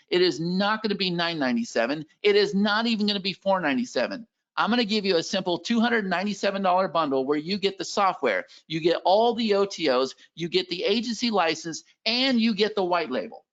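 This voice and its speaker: A man hosting a live sales webinar, energetic and pushy, hyping up the chat and repeating himself. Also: high-pitched, fast, hardly any pauses. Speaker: webinar host selling software. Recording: dull lo-fi webinar audio.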